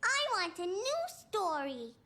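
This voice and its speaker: A woman's voice: extremely high pitch, sing-song, takes it slowly, pushed and bright, heavily acted. A voice actor playing an eager, questioning four-year-old boy in a cartoon. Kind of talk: cartoon voice acting. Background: children's music.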